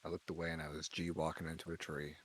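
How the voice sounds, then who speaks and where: A man's voice: very deep voice, level tone, quick pace, a little hiss or hum. A man streaming a game, making laid-back, dry remarks in casual commentary.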